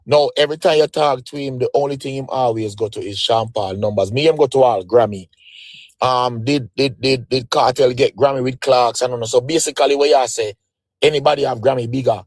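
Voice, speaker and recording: A Jamaican man in a mid-range voice brushes off the other side's point, pausing on fillers. The recording is dry and close. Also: medium pitch, no echo. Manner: dismissive, hesitant with fillers. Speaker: debate caller. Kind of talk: live stream debate.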